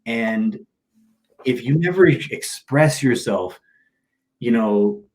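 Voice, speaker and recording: A man's voice: medium pitch, expressive, slow pace, a little mellow. Candid man telling emotional stories. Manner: open, emotional storytelling with casual slang. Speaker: motivational speaker. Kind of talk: candid interview talk.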